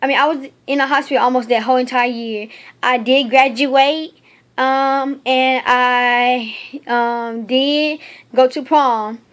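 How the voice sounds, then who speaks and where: A young woman from North Carolina, speaking in a halting, heartfelt personal video diary full of fillers. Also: sits high, fairly even intonation, a bit bright. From North Carolina, United States. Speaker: video diarist.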